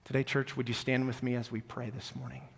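A male pastor tells a story during a sermon and grows softer and lower as he invites the church to respond. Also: little pitch movement, quick pace, creaky, slight background noise. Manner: storytelling, falls soft and low when inviting. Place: church sanctuary. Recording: long hall reverb.

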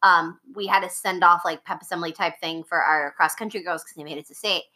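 A woman co-hosting a podcast and coaching, chatting in an animated, rambling, playful way. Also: on the low side, fairly quick. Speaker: podcast co-host, cross-country coach. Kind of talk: casual chat.

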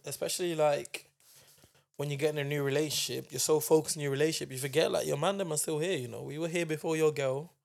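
Podcast co-host: young guy, slightly high voice, dry close sound, acts out his stories. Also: fast talker, creaky, no room sound. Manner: animated storyteller who acts out quotes in slang. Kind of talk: casual chat.

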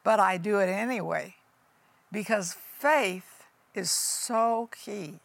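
A woman's voice: mid-range voice, slow pace, creaky. An older woman pastor giving a folksy, emphatic sermon testimony that calls listeners honey and folks.

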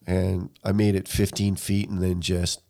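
A man's voice: sits low, flat delivery, a little slow, vocal fry, dark tone. A man co-hosting a casual podcast, laid-back, telling stories and making dry quips. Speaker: podcast co-host and musician. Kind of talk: casual chat.

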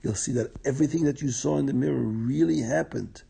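A man's voice: mid-range voice, fairly quick, gravelly, mellow, slightly rough. A man voicing a wise rabbi who speaks firmly and reassuringly. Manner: firm, reassuring. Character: wise old rabbi, calm and certain.

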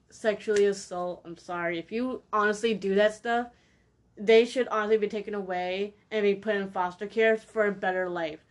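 Blunt, heated young woman podcaster. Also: medium pitch. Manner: blunt and heated, repeats points, slangy. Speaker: podcast host. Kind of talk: opinionated solo podcast rant.

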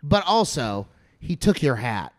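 A young man in casual chat, telling a story in an animated way, swearing and laughing often. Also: medium pitch, measured pace.

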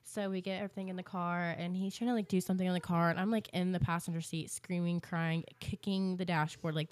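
A young woman co-hosting a podcast, chatty and animated as she retells a story with many fillers. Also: fairly low pitch, quick pace, hardly any pauses. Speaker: podcast co-host. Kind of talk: casual storytelling chat.

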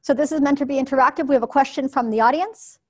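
A woman presents to a live audience, her voice sitting a little on the high side. She explains things clearly and at a measured pace. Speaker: workshop presenter.

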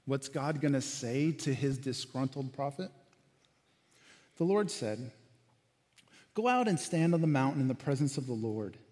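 A man preaching a sermon as pastor, animated, acting out quotes and dropping to quiet lines. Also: on the high side, big-room sound.

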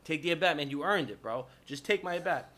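A man's voice: fairly high pitch, quick pace. A man, a podcast co-host telling rowdy stories in casual chat, laughing and swearing often. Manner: laughing, swearing, animated storyteller.

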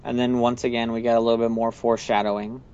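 A man's voice: mid-range voice, flat delivery, quick pace, a little mellow, clear, resonant tone. A man hosting a casual podcast chat, recapping an episode in a rambling way with many fillers. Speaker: podcast host. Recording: slightly muffled, dry recording.

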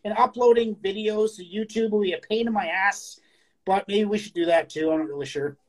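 A woman co-hosting a casual podcast, talking bluntly with lots of profanity and reading poems aloud slowly. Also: mid-range voice, a little mellow, low-quality recording. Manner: crude, blunt, profane talk. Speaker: podcast co-host. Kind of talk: casual chat.

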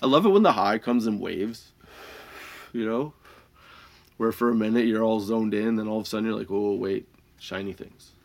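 A man casually telling stories about his old dispensary job, laid-back, swearing freely and laughing often, and high while he talks. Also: a little fast, long pauses. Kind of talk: casual storytelling monologue.

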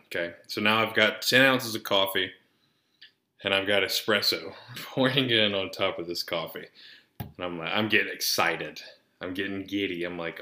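Man, casual rambling podcast monologue, lots of swearing, lowish pitch, roomy echo. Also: bright, forceful tone. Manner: profane, rambling, easily sidetracked. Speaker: podcast host.

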